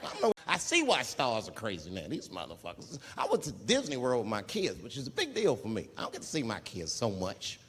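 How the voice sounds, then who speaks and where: A man doing a stand-up comedy routine, telling loose stories and acting out characters with sudden shrieks and shouts. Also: medium pitch, huge pitch swings, fairly quick, few pauses, a little hiss or hum. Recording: live theater with crowd and long reverb. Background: audience laughter.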